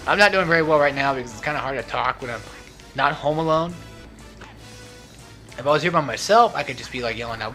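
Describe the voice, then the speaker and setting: A man's voice: mid-range voice, quick pace, sharp tone, soft background music. A young man giving casual, rambling gaming commentary at home, joking and laughing as he drifts off topic. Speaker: let's play host. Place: at home, not alone.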